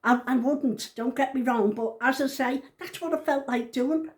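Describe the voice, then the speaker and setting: A woman's voice: sits high, moderate pace. A woman in her sixties with a slightly raised voice chats straight to camera in a casual vlog. She is blunt and outspoken, swears without apology and hammers her points home by saying them twice. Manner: emphatic, repeats points. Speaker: vlogger.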